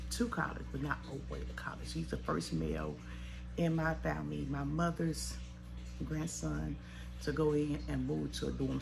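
On a noisy handheld recording, a vlogger in her forties talks in a heartfelt, tearful, chatty way for an emotional vlog. Her voice is low-pitched and creaky.

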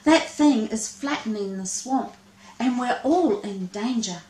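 Brave little swamp monster girl, high and urgent, put on by a woman reading a story, echoey room. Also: a little slow, a little mellow, close to an everyday voice. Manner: urgent, breathless cries. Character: brave, anxious young female swamp monster. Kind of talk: children's story read-aloud.

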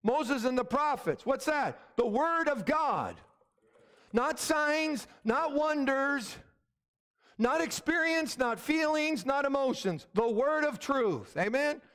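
A man's voice: extremely high pitch, animated, slow pace, fairly bright tone. A middle-aged man, a pastor preaching an emphatic sermon and calling out "Amen?" to the congregation.

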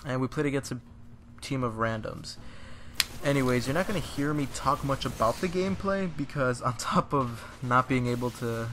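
A man's voice: medium pitch, moderate pace, noisy background. A young man hosting a gaming channel, talking casually and jokily over gameplay in a rambling, self-deprecating way.

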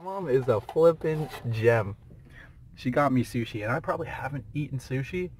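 A man's voice: medium pitch, expressive, moderate pace, darkish tone, slight background noise. A man talking casually to a handheld camera in a vlog, playful and joking. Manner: playful, joking, hums and sings silly sounds. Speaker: vlogger.

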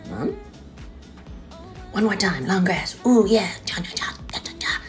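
A woman voicing an excited, playful young dog in a comic pet video voice-over, gleeful and sing-song with squeals and coos. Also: mid-range voice, measured pace, faint music behind, natural voice.

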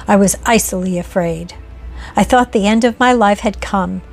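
A woman's voice: medium pitch, a little mellow. Woman reading a ghost story aloud. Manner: earnest, measured first-person storytelling. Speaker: narrator.

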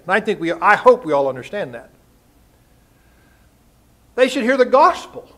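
A man's voice: high-pitched, big pitch swings, moderate pace, a bit bright. An older man preaching a sermon, folksy and full of rhetorical questions and homespun stories. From United States. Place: church sanctuary.

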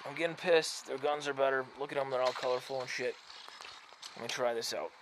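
A man hosting his gaming channel, giving chatty, self-mocking commentary while he plays, swinging between mumbling asides and loud frustrated outbursts. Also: mid-range voice, fairly even intonation, fairly quick. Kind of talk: casual gameplay commentary. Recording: noisy background.

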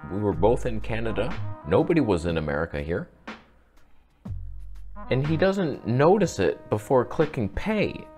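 A man's voice: moderate pace, faint music behind. A man telling a story in a casual vlog, acting out what people said with big jumps in his voice. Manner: animated, acts out quoted dialogue with big pitch jumps. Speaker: camera YouTuber.

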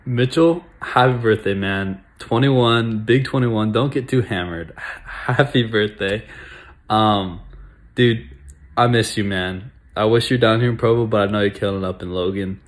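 A young man sending a buddy relaxed birthday wishes in a quick, casual video message. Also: lowish voice. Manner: relaxed, quick, dude-speak.

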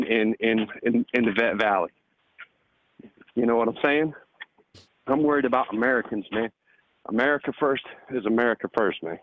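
A man's voice: mid-range voice, no echo. A man calling into a show, talking in an emphatic, insistent way. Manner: emphatic, hypes up the next guest. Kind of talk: casual call-in chat. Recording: dry tinny phone line.

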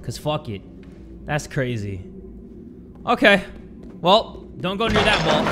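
A young man giving jokey, excitable commentary while playing a game, jumping between loud yelps and low mutters. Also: slow, pauses often, very noisy. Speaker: gaming YouTuber. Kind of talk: let's play commentary.

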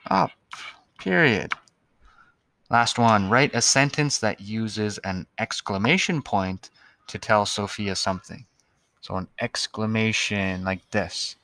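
A patient male teacher records a lesson for young children, stretching out his sentences and breaking them into single words. His voice is bright and forward. The sound is close and dry, with no room around it. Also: fairly low pitch, dry recording. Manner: patient, spells out words one by one.

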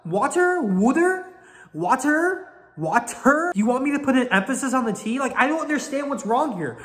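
A man's voice: very high voice, fast, a bit bright, long reverb tail. A young man in his late teens telling a story in a casual, exasperated, swearing way. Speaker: vlogger.

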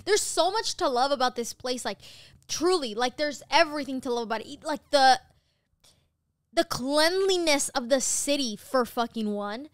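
High-voiced gushing young woman. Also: normal speed, dry recording, clean studio sound. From United States. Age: young adult. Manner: animated, gushing, swears casually. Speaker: podcast co-host. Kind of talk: casual chat.

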